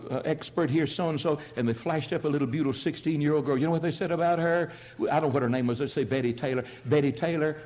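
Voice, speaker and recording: Older man, country-style pastor, folksy preaching, loud then soft, dull lo-fi church tape. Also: on the high side. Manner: fiery folksy preaching, swinging between loud and quiet. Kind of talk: sermon. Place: church sanctuary.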